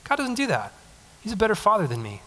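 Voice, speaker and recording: A young man preaching a casual, conversational sermon, animated, acting out little quotes. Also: sits high, fast talker, big-room sound, a little hiss or hum. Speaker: pastor. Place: church sanctuary.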